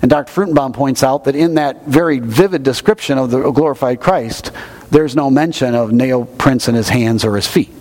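A man's voice: mid-range voice, normal speed, a little mellow. Middle-aged guy preaching, chatty, explains stuff, leans hard on the big points. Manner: conversational, emphatic, explanatory. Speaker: pastor. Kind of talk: sermon.

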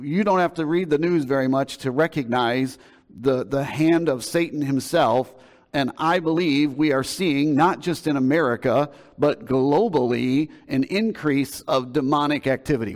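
A man's voice: mid-range voice, moderate pace. A male pastor delivering a sermon, retelling a scripture story with emphasis in a conversational preaching manner. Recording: long hall reverb.

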